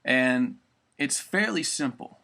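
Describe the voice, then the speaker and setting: A man's voice: mid-range voice, animated, slow, gravelly, bright, forceful tone. A young man giving a casual spoken vocal tutorial, rambling loosely and swearing often.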